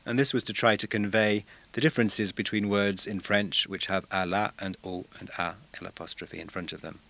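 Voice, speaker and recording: A male language teacher giving a measured, explanatory talk on using songs in class, now and then singing short examples. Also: deep voice, steady tone, creaky, pushed and bright.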